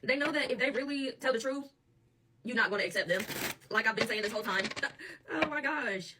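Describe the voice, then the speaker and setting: Tarot reader, woman, AAVE, quick and sharp-toned, mic set back a bit. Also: a little high, far from the mic, background noise. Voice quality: blunt and profane, laughs often. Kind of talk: channeled tarot reading monologue.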